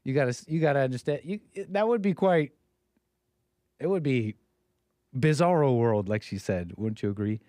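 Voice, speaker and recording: A man's voice: mid-range voice, expressive, normal speed, long pauses, warm tone, no room sound, studio quality. A man streaming reaction commentary, joking and mimicking the voices in the clip. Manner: jokey, mocking, mimics voices.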